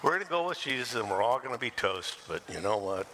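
An older man preaching as a pastor, telling scripture stories in an animated way. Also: medium pitch, fast talker, heavy background noise. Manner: animated storytelling, acting out the scripture. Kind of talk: sermon. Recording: long hall reverb, faint ambience.

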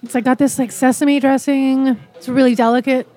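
Chatty woman from Canada, higher voice. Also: level tone, normal speed, warm tone. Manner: chatty, lots of "like" fillers. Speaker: interviewee. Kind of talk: casual chat over a meal.

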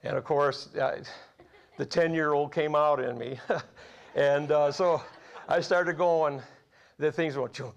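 A man's voice: fairly high pitch, a little slow, vocal fry, highs cut off. A man over forty preaching a sermon, telling folksy personal stories and laughing at his own tales. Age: 40s or older.

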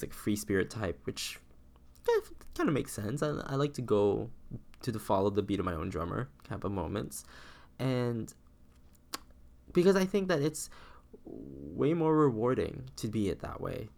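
A young man hosting a solo podcast, rambling in a meandering way with many restarts, his voice lower than usual because he is sick. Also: expressive, moderate pace, creaky, darkish tone. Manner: meandering, self-interrupting, with frequent restarts. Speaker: podcast host.

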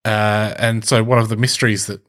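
A man's voice: lowish voice, flat delivery, fairly quick, fairly bright tone. A man with an Australian accent who presents the topic in a wry, joking way as a podcast co-host. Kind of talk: casual chat.

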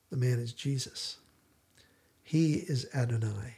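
A man's voice: medium pitch, unhurried. A man hosting a casual discussion podcast, retelling scenes in detailed storytelling fashion. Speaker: podcast host.

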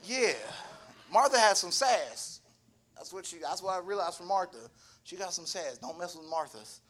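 A young man giving a sermon, humorous and animated, acting out little voices in his asides. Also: high voice, moderate pace. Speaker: preacher.

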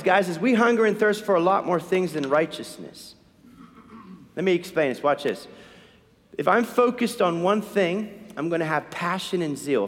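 Priest preaching in a reverberant church. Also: male voice, sits high, a bit bright. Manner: urgent, questioning, repeats lines for emphasis. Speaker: Catholic priest. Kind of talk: sermon.

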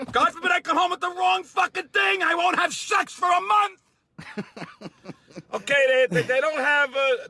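A man playing an angry middle-aged guy in a comedy clip, ranting loudly and crudely about an errand gone wrong. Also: very high-pitched. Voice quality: loud, exasperated, profane ranting. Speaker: comedy character in a played clip. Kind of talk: comedic rant monologue.

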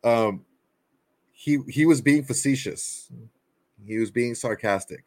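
A man co-hosting a casual post-game sports show, relaxed and laughing easily, often searching for words. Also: medium pitch, takes it slowly, dry recording. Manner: laid-back, laughs often, trails off with fillers. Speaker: podcast co-host.

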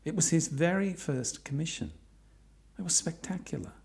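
A man's voice: on the high side, moderate pace, creaky, darkish tone. A middle-aged man narrating his own long walk in a reflective way with dry, wry humour. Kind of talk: personal travel narration.

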